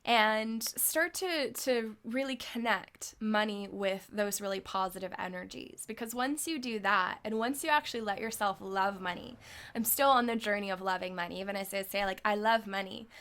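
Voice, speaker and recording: A woman's voice: medium pitch, normal speed, a bit bright. A young adult woman spiritual coach, talking casually and upbeat to camera in a vlog, often saying "like" and "right?". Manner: chatty, upbeat, lots of "like" and "right?".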